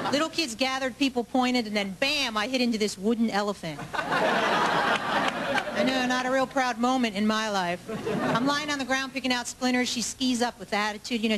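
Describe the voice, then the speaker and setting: A woman doing a stand-up comedy set on a club stage, chatty and self-mocking, with quick asides to the crowd. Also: on the high side. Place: comedy club stage before a live audience. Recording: live club with loud audience laughter and noise.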